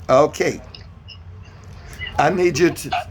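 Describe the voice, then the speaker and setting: A man's voice: fairly high pitch, wildly swooping pitch, unhurried, a bit bright, slight background noise. A man teaching a beginner Spanish lesson over a video call, patiently repeating each question and spelling words out letter by letter. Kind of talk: online beginner language lesson.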